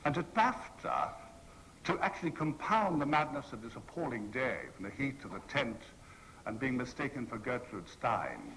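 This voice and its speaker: A man's voice: mid-range voice, a bit bright, a little hiss or hum, poor audio. A man telling wry, self-mocking stories to an audience as a convention panel guest, in a theatrical way. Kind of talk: anecdotal storytelling to an audience.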